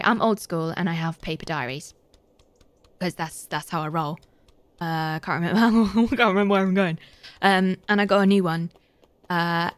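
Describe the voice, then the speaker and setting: A woman's voice: on the low side, no echo. A young woman giving chatty, giggly live commentary as she plays a game and thanks her viewers. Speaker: live streamer.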